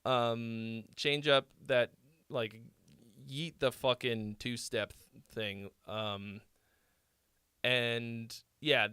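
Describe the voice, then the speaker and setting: A man's voice: medium pitch, fairly even intonation, drawn-out words, sharp tone, clean tone, dry recording. Casual man giving music critique. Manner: loose, rambling, swears casually, many fillers. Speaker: host reviewing viewer songs.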